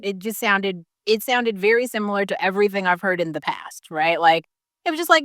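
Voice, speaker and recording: A vlogger rants to camera a little fast in an expressive, medium-pitched voice with a slightly bright tone. She swears often, stuffs her heated talk with "like," and laughs in bursts mid-sentence. The recording is dry, with clean studio sound.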